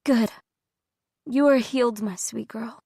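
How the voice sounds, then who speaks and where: Brief: a woman doing a soft, steady caretaker, slow and soothing, dry studio read. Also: a little high, breathy edge, dry recording. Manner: soothing, measured, firm. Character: calm, soothing middle-aged female caretaker. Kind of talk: audiobook character voice.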